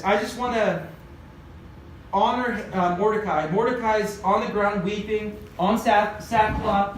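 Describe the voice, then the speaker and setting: Echoey, high-voiced young preacher man. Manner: conversational, retelling scripture with filler words. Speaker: youth group preacher. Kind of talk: casual youth sermon. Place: church youth group room. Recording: very echoey room, distant mic, faint noise.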